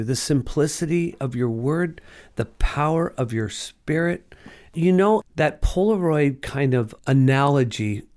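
A man's voice: medium pitch, a little mellow. A middle-aged man who is a guest on a talk show, telling an earnest and emotional personal testimony.

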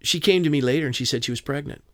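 Fast-talking earnest man telling his story. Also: on the high side, a bit bright, no room sound, clean studio sound. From Southern California. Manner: earnest storyteller, quotes dialogue. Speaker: guest. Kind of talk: personal testimony in an interview.

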